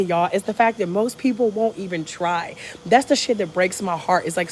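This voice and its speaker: An American woman on a live stream, giving an energetic, profane pep talk and reading viewer comments aloud from a hotel room. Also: on the high side. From United States. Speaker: travel vlogger. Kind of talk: live-stream motivational chat.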